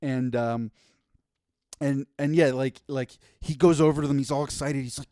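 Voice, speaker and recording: A man's voice: mid-range voice, normal speed, dry recording, clean studio sound. A man, telling a story on a podcast with lots of restarts and laughter. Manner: animated, laughing, stammering restarts. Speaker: podcast co-host. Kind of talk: casual storytelling chat.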